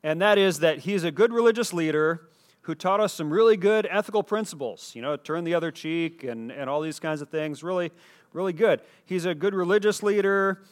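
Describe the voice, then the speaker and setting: A man preaching a teaching sermon in an explanatory way, with fillers and restarts, slowing down to stress key words. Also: fairly high pitch. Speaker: pastor. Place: indoor teaching space with a screen.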